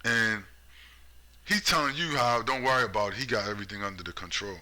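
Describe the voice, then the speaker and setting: Casting note: ranting political commentator, a man with a very bright, sharp voice, sarcastic and profane. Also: on the low side, fairly quick. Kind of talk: ranting monologue.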